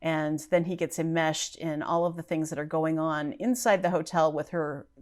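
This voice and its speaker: A woman's voice: low voice, steady tone, normal speed, darkish tone. A woman chatting casually to camera as a book vlogger, thinking aloud as she answers each prompt. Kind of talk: casual chat.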